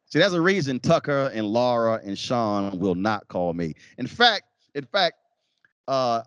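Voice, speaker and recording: In a lecture hall, a man with a lowish voice delivers a university keynote, telling stories with animated energy. He acts out other people's words, shifting his voice for each quote. The recording is dry and studio-clean.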